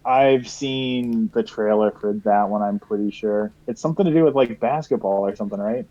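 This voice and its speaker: Mellow-voiced man with dry quips. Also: on the low side, normal speed, highs cut off. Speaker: podcast co-host. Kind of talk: casual chat.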